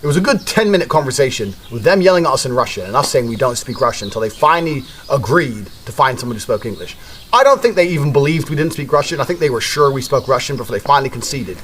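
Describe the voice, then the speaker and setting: A man's voice: mid-range voice, sing-song, fast talker, fairly bright tone. A man telling a story in a blunt, casual way, with heavy swearing.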